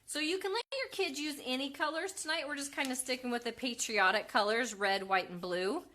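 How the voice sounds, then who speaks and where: Bright-voiced mom hosting a craft stream. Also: female voice, sits high, brisk, slight background noise. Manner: chatty, loose, with frequent ums and self-corrections. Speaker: craft livestream host and mother. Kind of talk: casual live demo, reading viewer comments. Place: at home with her kids.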